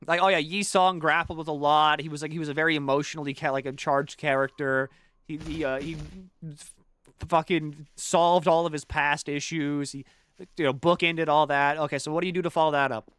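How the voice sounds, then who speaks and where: A young man chatting on a game stream, his voice sitting a little high for a man. He rambles, swears freely and gets excitable, breaking into goofy character impressions as he talks. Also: fairly quick, smooth, no echo. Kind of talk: casual chat while gaming.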